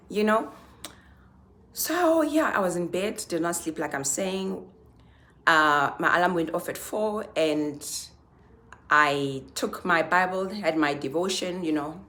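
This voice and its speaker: Low-pitched young woman, emotional storyteller venting to camera, light background hiss. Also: a bit bright. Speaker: vlogger. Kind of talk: casual vlog storytelling.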